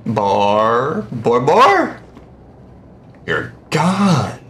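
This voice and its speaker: A man giving excitable, jumpy let's play commentary while playing a horror game, quick to shout and laugh. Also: mid-range voice, reverberant.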